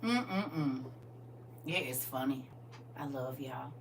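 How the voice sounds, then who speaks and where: A woman hosting a casual livestream chat with her viewers, swinging from soft murmurs to loud, excited exclamations. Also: rumbling low, takes it slowly. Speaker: livestream host. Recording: distant mic with faint background hum.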